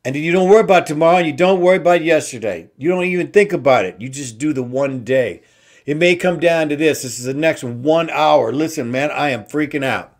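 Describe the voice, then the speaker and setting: A man hosting an inspirational talk show, slowly repeating simple phrases with emphasis. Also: on the high side. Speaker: host.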